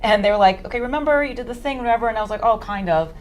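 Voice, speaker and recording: An actress telling an anecdote in an interview, animated and acting out the dialogue. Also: female voice, fairly high pitch, racing, slight background noise. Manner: animated storyteller, acts out dialogue.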